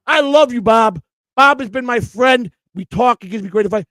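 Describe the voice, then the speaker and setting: A man's voice: very high voice, moderate pace, a bit bright, no room sound. A man co-hosting a streamed morning show, ranting in a profane, repetitive and emotional way. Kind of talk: heated livestream rant.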